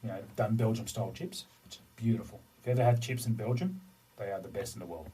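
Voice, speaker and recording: A man's voice: fairly low pitch, fast talker, mellow, husky, recorded from a distance, low-quality recording. A middle-aged man, a podcast co-host, telling a rambling story in casual chat and swearing loosely now and then.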